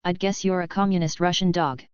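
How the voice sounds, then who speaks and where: A woman's voice: on the low side, fairly even intonation, a little fast, a little mellow, clean tone, no echo, close to an everyday voice. A woman reading as a cocky young space outlaw. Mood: teasing. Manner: light, teasing. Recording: dull, lo-fi dry recording.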